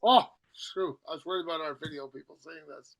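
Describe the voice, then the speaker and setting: A man's voice: fairly high pitch, a little fast, fairly bright tone, rough recording. A middle-aged man hosting a podcast in casual chat, rambling and chatty as he jumps from one topic to the next. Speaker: podcast host.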